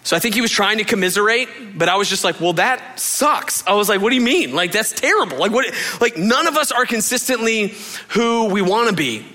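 Guy pastor giving a chatty sermon, higher pitched, bright tone, earnest and talking right at the crowd. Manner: earnest, confessional, addresses listeners directly. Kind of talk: conversational sermon.

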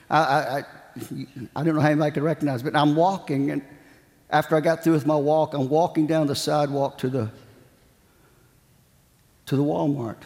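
A man's voice: fairly high pitch, a little mellow. A man delivers a sermon, building his points through dramatic, repeated phrases and a storyteller's pacing. His voice rings out with a long reverb, as if it fills a large hall. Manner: dramatic, emphatic preaching cadence with repetitions. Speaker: preacher.

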